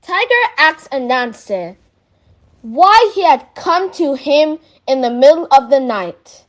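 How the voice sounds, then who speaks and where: Lively, high-voiced woman reading a story. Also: slow pace.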